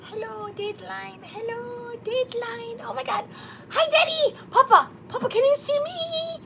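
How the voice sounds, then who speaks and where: A woman's voice: extremely high pitch, unhurried, creaky, background noise, pitched above the performer's own voice, heavily acted. A woman putting on a jittery, starstruck young woman greeting a camera, breathless and near tears. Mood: giddy nervous.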